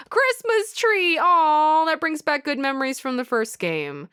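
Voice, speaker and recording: A woman's voice: high-pitched, animated, unhurried, sharp tone, no room sound, clean studio sound. A woman hosting a let's play, talking casually and playfully, giggling as she reacts to the game. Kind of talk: casual gameplay commentary. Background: game music.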